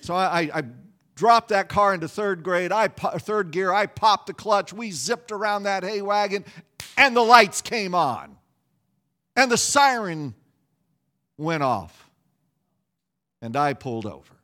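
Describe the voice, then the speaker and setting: A middle-aged man preaching a sermon with a voice pitched on the high side. He tells his story with lively pacing and self-mocking humor. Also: measured pace, pauses often. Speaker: pastor.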